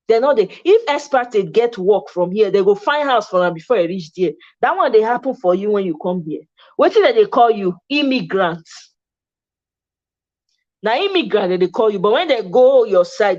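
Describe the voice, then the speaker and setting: A woman's voice: medium pitch, darkish tone, lo-fi sound. A Nigerian woman hosting a casual livestream talk, speaking passionately and switching between English and Pidgin. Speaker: host.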